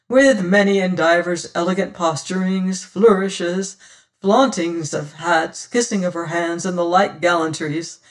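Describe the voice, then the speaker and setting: An audiobook narrator reading a first-person period tale in measured, old-fashioned phrasing. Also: mid-range voice.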